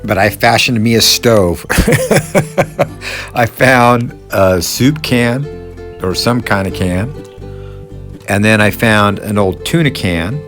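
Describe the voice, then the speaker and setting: A man's voice: lowish voice, slow pace, fairly bright tone. A man, chatting casually and rambling as he vlogs a hike outdoors on a mountain trail. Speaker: hiker vlogger. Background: guitar music.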